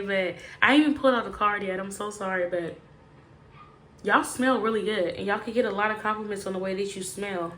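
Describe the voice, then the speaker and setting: A woman's voice: mid-range voice, fairly quick, sharp tone. A woman giving a casual, chatty tarot reading straight to the viewer, emphatic and full of slangy asides. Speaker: tarot reader.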